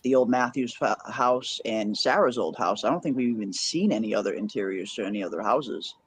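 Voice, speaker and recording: A man's voice: lowish voice, fairly quick, husky. A man co-hosting a casual discussion of a TV episode, thoughtful and rambling with fillers. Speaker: podcast co-host. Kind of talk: casual chat.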